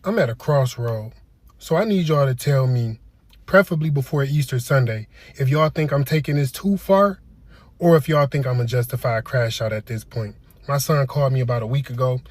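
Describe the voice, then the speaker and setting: A young man from Detroit telling a comic story, deadpan, slipping into quoted voices. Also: mid-range voice, normal speed, no room sound. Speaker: comedic storyteller. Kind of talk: comedy skit monologue.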